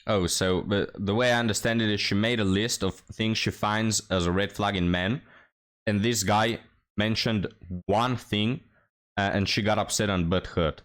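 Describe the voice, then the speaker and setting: A man's voice: lowish voice, steady tone, normal speed, fairly bright tone. A young man hosting a reaction commentary video, mocking and sarcastic as he talks to his viewers. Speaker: commentary channel host.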